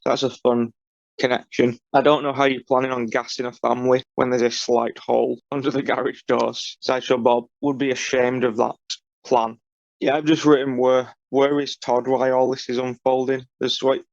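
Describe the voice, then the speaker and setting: A man gives dry, matter-of-fact podcast commentary. His voice is gravelly and very flat, with little rise and fall. It comes through a dull, lo-fi recording. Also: mid-range voice, no echo. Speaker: podcast co-host. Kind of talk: casual podcast chat.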